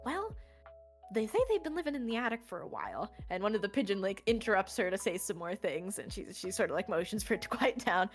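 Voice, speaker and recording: Lively casual woman game master. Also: medium pitch, fast, faint music behind. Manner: casual, hesitant, many fillers and restarts. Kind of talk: narrating a tabletop game.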